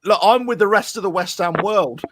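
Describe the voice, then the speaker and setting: A man on a video call with other fans, teasing the others and given to loud, joking outbursts. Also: high-pitched, brisk, over a noisy crowd. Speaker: fan on a watch-along stream. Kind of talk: joking match watch-along chat.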